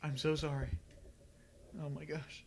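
A man reading aloud as a remorseful, tearful young goat-monster boy, in a soft, earnest and halting way. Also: on the high side, little pitch movement, a little hiss or hum. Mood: sad.

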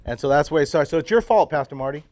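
A man in his fifties, a church pastor, casually telling his life story to a men's breakfast group, swinging from loud, laughing bursts to quiet, earnest stretches. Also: fairly high pitch, animated, rapid-fire, background noise. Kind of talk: casual personal testimony talk. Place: live talk to a roomful of men at a breakfast.

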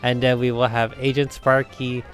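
A man's voice: mid-range voice, flat delivery, moderate pace, a bit bright, soft background music. A man giving casual let's play commentary, chatty, laughing often and talking to himself. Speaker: game streamer.

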